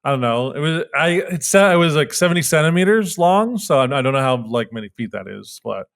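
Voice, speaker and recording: A man's voice: fairly high pitch, expressive, fairly quick, vocal fry, fairly bright tone. A man from Canada co-hosting a podcast, telling stories in an easygoing, rambling way. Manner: easygoing, filler-heavy storytelling. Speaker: podcast co-host. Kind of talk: casual chat.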